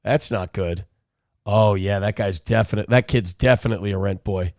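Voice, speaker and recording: A man's voice: lowish voice, normal speed, darkish tone, no echo, studio quality. A sick, cranky man hosting a live morning show, crude and profane, mocking others with put-on voices. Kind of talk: profane live-stream commentary.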